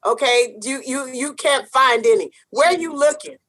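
A high, bright-voiced woman co-hosting a casual talk show. She talks with a sassy, emphatic edge and hammers her points home by repeating phrases. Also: normal speed. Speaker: co-host. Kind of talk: casual chat.

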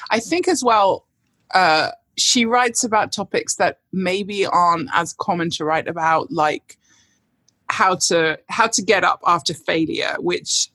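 Chatty, bright-voiced woman bookseller. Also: fairly low pitch, a little slow, no echo. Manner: chatty and enthusiastic, laughs often. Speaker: bookseller, podcast guest. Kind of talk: casual interview chat.

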